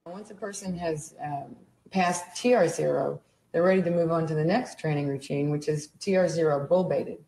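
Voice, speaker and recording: A woman with a low voice calmly explains a training drill. Her manner is matter-of-fact. The roomy archive recording gives her voice an echo. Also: normal speed. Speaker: student in archive demonstration.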